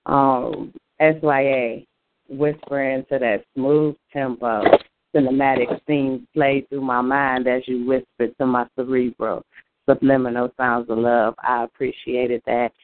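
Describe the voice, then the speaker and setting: A man's voice: medium pitch, flat delivery, unhurried. A man hosting a live call-in show, gushing with praise after a performance. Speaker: host. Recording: noisy phone line.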